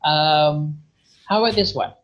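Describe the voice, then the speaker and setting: A man with an Indonesian accent leads an online English class over a video call. He calls on students by name, praises their answers and slowly repeats words to show how they should sound. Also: fairly high pitch, a bit bright, rough recording. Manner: encouraging, patient, repeats words slowly to model pronunciation. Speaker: English teacher. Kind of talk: online vocabulary lesson.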